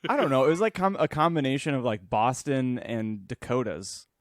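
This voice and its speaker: A man's voice: medium pitch, very animated, normal speed, dry recording, studio quality. A man co-hosting a podcast in casual chat, telling a rambling story and laughing often. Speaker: podcast co-host.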